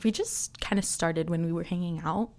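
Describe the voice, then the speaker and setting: A woman's voice: lowish voice, normal speed, darkish tone. A young woman hosting her own podcast, chatting casually in a rambling way with lots of fillers and frequent laughs. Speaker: podcast host. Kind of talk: casual solo podcast chat.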